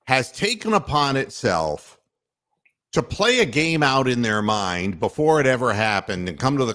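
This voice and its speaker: Animated man hosting sports talk. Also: medium pitch. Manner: animated storyteller, mock-outraged, laughs often. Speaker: podcast host.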